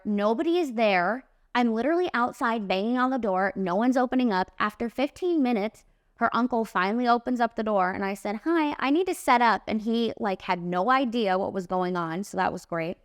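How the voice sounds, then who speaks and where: Smooth-voiced young woman telling a story. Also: mid-range voice, normal speed, dry recording, studio quality. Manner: animated, emphatic storytelling with lots of "like" and "literally". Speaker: podcast host and makeup artist. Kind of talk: casual storytelling monologue.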